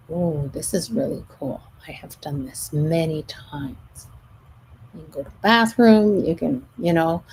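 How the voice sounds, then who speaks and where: A middle-aged woman, a stress management coach, talking gently to her audience on a live show and at times dropping almost to a whisper. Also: mid-range voice, creaky, husky, low-quality recording.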